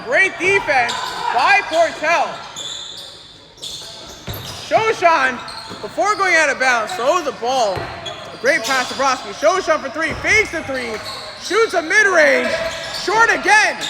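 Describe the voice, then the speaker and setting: High-voiced excited man calling basketball. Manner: excited, quick, chatty play calling. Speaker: play-by-play commentator. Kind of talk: live basketball commentary. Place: indoor gym.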